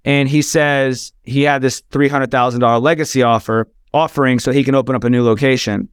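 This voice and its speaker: A man's voice: mid-range voice, steady tone, fairly quick, smooth, no echo, clean studio sound. A man telling an emotional personal story as a podcast guest, earnest, with frequent restarts.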